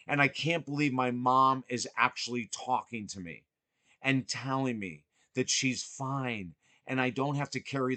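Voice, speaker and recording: A man hosting a podcast, telling a personal story earnestly and emphatically, swinging between excited and hushed. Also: mid-range voice, no echo. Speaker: podcast host.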